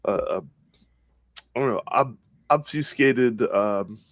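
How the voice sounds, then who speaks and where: A man playing a tabletop game in character, talking haltingly and searching for words. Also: mid-range voice, dry recording. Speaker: player.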